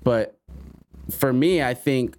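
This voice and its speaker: A man hosting a casual podcast chat, excitable and swearing freely as he tells stories. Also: medium pitch, slow. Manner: excitable, swears a lot, animated storytelling.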